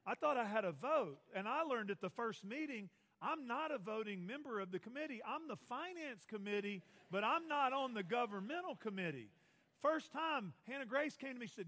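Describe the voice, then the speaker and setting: A pastor in his forties preaching a sermon in a large church, telling stories with animated, self-mocking humor. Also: very high-pitched, fairly quick. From Texas. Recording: long reverb of a large hall.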